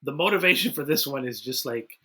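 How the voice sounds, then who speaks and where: A man's voice: medium pitch, animated, a little fast, pushed and bright, husky. A man hosting a podcast in casual chat, recapping a film's plot in a dry way. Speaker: podcast host.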